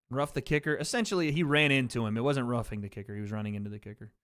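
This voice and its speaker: A man's voice: mid-range voice, a bit bright. A man hosting a livestream watch party, riffing on chat in blunt, profane casual commentary. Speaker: livestream host.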